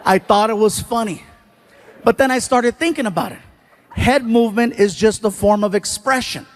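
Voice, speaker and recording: High-voiced man doing stand-up. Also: normal speed. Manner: animated storytelling, talks to the crowd. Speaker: stand-up comedian. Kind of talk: stand-up comedy.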